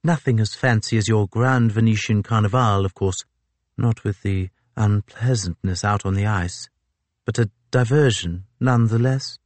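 A man's voice: on the low side, moderate pace, dry recording, lightly acted. A man voicing a nervous, earnest naval captain with a slight lisp, speaking eagerly and a bit hurriedly in an audiobook. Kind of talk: audiobook character voice.

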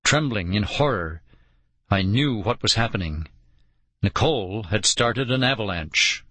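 Male audiobook reader, slow dramatic telling, dry close mic, no room sound. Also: fairly low pitch, lively intonation, sharp tone, dry recording. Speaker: audiobook narrator. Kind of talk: scripted audiobook narration.

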